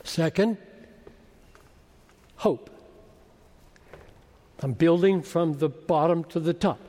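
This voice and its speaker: A man preaching a sermon, emphatic and swelling to loud exclamations. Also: on the high side, slow pace, long pauses. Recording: long hall reverb.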